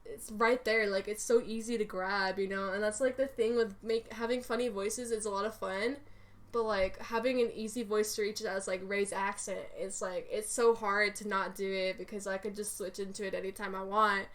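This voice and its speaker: A woman's voice: medium pitch, fairly even intonation, normal speed. A young woman co-hosting a podcast, chatting casually about her role-play characters in a rambling, giggly way with many fillers. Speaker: podcast co-host.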